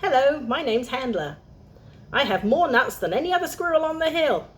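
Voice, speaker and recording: A woman voicing a fast-talking, boastful male squirrel in a read-aloud storybook, chirpy and high. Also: animated.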